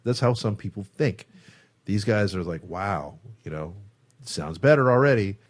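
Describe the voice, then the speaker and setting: Low-voiced man telling a story, swearing freely. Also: a little slow. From San Francisco Bay Area. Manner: animated storyteller, acts out quotes, swears freely. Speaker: guest guitarist. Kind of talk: casual storytelling interview. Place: studio.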